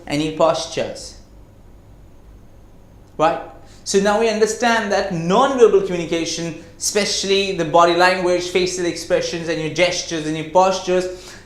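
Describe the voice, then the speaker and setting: A man giving a lesson on communication skills, who slows down to stress his words and keeps asking the listener rhetorical questions. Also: high-pitched. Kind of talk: classroom-style lecture. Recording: echoey room.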